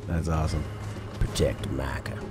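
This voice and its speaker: Low-voiced man streaming a game. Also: fairly even intonation, normal speed. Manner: chatty, thinks aloud, trails off and restarts. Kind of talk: casual gameplay commentary. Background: loud game music.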